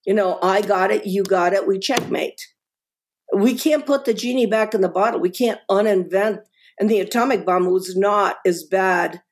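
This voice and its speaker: A woman's voice: fairly low pitch, a little mellow. Middle-aged woman guest on a podcast, emphatic, repeats herself, keeps restarting. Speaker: guest author. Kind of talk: podcast interview.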